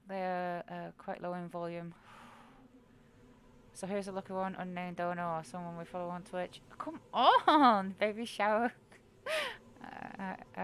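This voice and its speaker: A woman's voice: lowish voice, fairly bright tone, slight background noise. A young woman streaming a horror game, giggling often, swearing, and talking to her chat. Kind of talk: live-streamed gameplay chatter.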